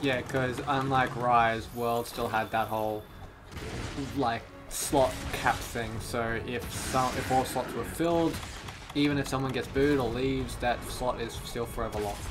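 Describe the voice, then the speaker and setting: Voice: medium pitch, steady tone, a little slow, music in the background. A gamer in a co-op let's play, chatting casually in a rambling, self-mocking way that trails off. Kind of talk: casual gaming chat.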